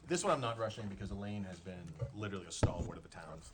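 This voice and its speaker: A man with a Boston-area accent chairs a town board meeting, brisk and self-deprecating, joking between votes. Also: low voice, expressive, a bit bright. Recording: noisy public-access meeting audio.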